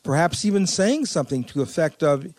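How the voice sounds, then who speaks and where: Calm, reflective man in a dry studio. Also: on the high side, quick pace, no room sound. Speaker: podcast co-host. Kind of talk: relaxed conversational chat.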